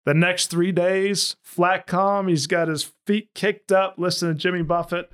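A boat captain tells a casual story with lots of energy, acting out each line of dialogue. His voice sits a little high for a man. The delivery is loose and conversational. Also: measured pace, smooth. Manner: animated, jumps into quoted dialogue.

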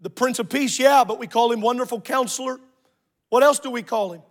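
A man preaching a sermon as a pastor, calling out to the congregation and shouting at the peaks. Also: extremely high pitch, brisk.

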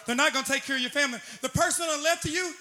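A man preaching a sermon in a church, impassioned and repetitive, building to shouts. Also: very high-pitched, racing. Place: church with an altar.

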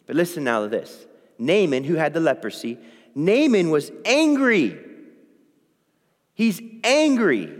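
In a somewhat high, sing-song voice, a man preaches and reads scripture a little slowly, pausing often. He stays conversational, regularly checking in with "okay?", and his words ring out with long hall reverb.

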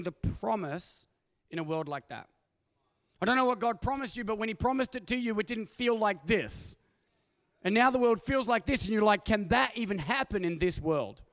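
A middle-aged man, preaching a sermon as a pastor and telling stories in an animated way, acting out quoted voices. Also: high voice. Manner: animated storytelling with acted-out voices. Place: church auditorium. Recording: long hall reverb from a church.

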